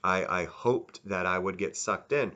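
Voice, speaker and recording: A man's voice: deep voice, a little slow, bright, forceful tone, muffled recording, slight background noise. A man giving a casual, rambling spoken review, often restarting and correcting himself. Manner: rambling, self-correcting, candid. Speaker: video reviewer.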